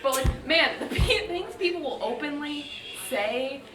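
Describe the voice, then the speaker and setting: A woman in a casual group discussion, telling frank stories in a lively way. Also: high-pitched, measured pace, music in the background. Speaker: discussion participant. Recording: roomy sound with crowd chatter.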